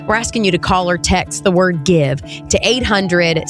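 Woman radio host for a fundraiser, earnest and quick, with faint music behind her. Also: lowish voice. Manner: earnest, quick-talking, slows down to read numbers.

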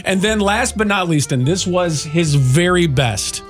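A man's voice: sits high, expressive, unhurried, soft background music. A man hosting a radio morning show, chatting and telling stories about his neighbor. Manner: chatty storytelling, mimics a neighbor's accent. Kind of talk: casual radio banter.

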